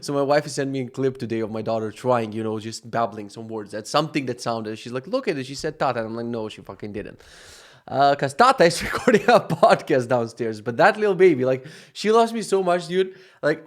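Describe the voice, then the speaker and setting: Profane rambling man with Macedonian accent. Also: mid-range voice. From North Macedonia. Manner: rambling, profane, animated bursts. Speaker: vlogger, software founder. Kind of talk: casual daily vlog monologue.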